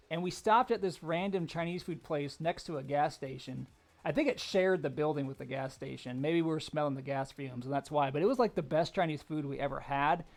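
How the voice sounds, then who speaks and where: A man's voice: fairly high pitch, a little mellow. A young man streaming a game live, chatting casually with viewers, telling stories and laughing often. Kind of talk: casual live-stream chat while gaming.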